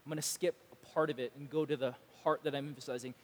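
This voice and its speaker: A man pastor preaching a sermon, animated and emphatic, acting out imagined dialogue. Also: a little high, racing, few pauses, in a large hall.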